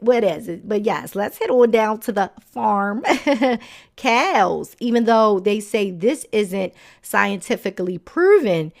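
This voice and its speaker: A woman hosting a nature podcast in casual narration, chatty and playful, with frequent laughs and sassy, colloquial asides. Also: medium pitch. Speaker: podcast host.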